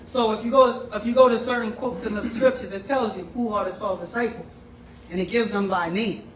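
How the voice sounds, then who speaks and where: A man's voice: high-pitched, steady tone, fairly quick, a bit bright. A man teaching a class in a casual, conversational way, often checking in with his listeners. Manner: conversational, often checks in with "right?" and "you know what I'm saying?". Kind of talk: informal lecture. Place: room with a class. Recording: roomy and distant with faint noise.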